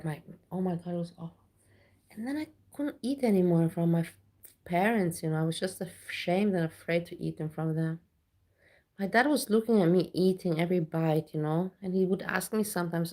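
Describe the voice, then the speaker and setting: A woman's voice: fairly low pitch, fairly quick, dark tone. A woman chatting casually on a live stream, talking straight to her viewers and swearing bluntly when she rants. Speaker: livestreamer.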